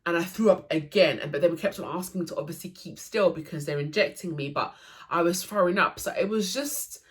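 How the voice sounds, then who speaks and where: Low-voiced young woman vlogger. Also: brisk. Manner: emotional, lots of fillers and restarts. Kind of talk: casual storytelling to camera.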